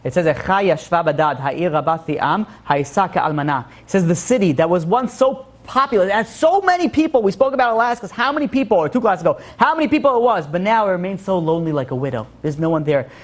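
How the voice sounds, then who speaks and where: A man's voice: sits high, lively intonation, fast, few pauses. A male rabbi giving an informal class, earnest and repeating his phrases for emphasis.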